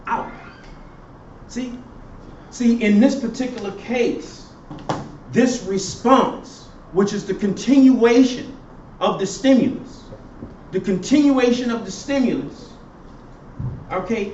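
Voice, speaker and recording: A man's voice: sits high, a little hiss or hum. A male professor giving a classroom lecture. He keeps quizzing his students with fill-in questions. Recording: roomy, distant, dull classroom recording.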